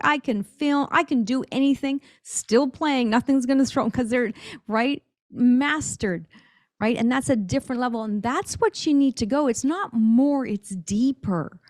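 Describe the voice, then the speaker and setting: A middle-aged woman with a high voice talks with eager emphasis as a podcast guest. She is a drum teacher who laughs easily. Her voice sounds dry and close, with no room around it. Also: no room sound. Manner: enthusiastic, emphatic, laughs often. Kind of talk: podcast interview.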